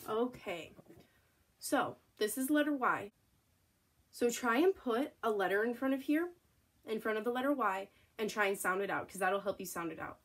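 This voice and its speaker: A woman's voice: fairly high pitch, animated, moderate pace, breathy edge. Encouraging woman teaching letter sounds. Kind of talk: phonics lesson for young children.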